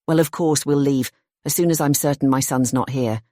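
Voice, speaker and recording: A reader voicing a frantic mother desperately searching for her missing son, pleading and shouting. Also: very deep voice, moderate pace, dry recording, studio quality. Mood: firm.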